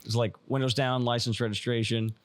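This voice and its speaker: A man's voice: mid-range voice, level tone, a little fast. A man co-hosting a podcast, joking around and asking curious questions. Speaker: podcast host. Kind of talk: casual chat.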